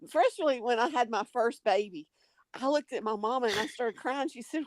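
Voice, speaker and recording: A woman chatting on a livestream, telling funny stories loudly and laughing a lot. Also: on the high side, brisk, dry recording. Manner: laughing, loud and lively storyteller. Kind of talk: casual chat on a livestream.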